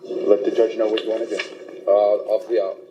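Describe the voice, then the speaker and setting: Mellow-voiced defense attorney in court. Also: male voice, on the low side, flat delivery. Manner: halting, speaks for his clients with fillers. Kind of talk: courtroom advocacy. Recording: dull, slightly noisy courtroom audio.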